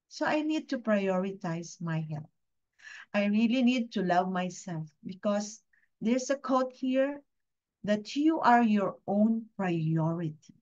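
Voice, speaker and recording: A woman gives a heartfelt testimony to a training audience, earnest and confiding, stopping often to put questions to her listeners. Her voice sits at a middling pitch, and the recording sounds a little dull and lo-fi. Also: lively intonation, slow, a little mellow. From Philippines. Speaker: guest speaker at a training session. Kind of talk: personal testimony talk.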